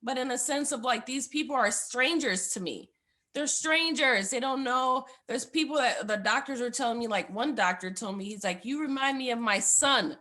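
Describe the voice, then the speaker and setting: A woman's voice: fairly high pitch, moderate pace, pushed and bright. A young woman, a guest on the show, giving a heartfelt personal testimony in a rambling way, full of fillers.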